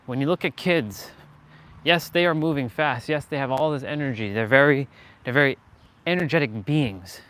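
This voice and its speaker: Earnest man with a bright voice. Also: medium pitch, normal speed. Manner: earnest, emphatic, repeats phrases. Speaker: motivational vlogger. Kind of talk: casual motivational monologue while walking. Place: outdoors on a street.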